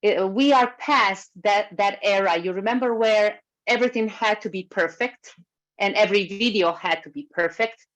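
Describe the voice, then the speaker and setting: A woman giving a workshop talk over a video call, speaking in a lively way and moving as she talks. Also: medium pitch, normal speed. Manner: lively, moves while speaking. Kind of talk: webinar talk. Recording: slightly muffled video call recording.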